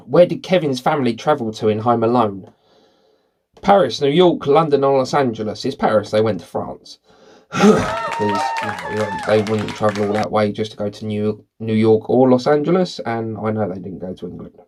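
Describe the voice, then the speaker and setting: A man reading movie quiz questions aloud and thinking out loud about the answers in a casual, rambling way. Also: lowish voice, animated, normal speed. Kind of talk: casual commentary while taking a quiz.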